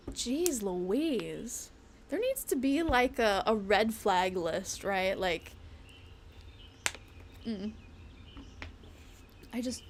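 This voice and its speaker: This VTuber streamer has a medium-pitched, slightly bright voice. While gaming live, she goes on a blunt, rambling, casual rant, with frequent swearing and laughs between lines.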